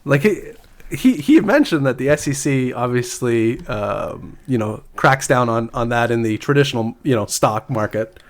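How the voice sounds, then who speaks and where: A man's voice: medium pitch, animated, normal speed. A man co-hosting a podcast, talking hesitantly with many fillers and chuckles, and reading news items aloud. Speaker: podcast co-host.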